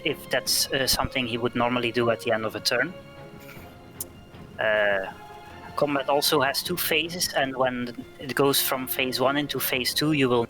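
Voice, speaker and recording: A man's voice: mid-range voice, bright, forceful tone, poor audio. Chatty man running a tabletop game. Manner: explains rules at length with many fillers. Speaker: dungeon master.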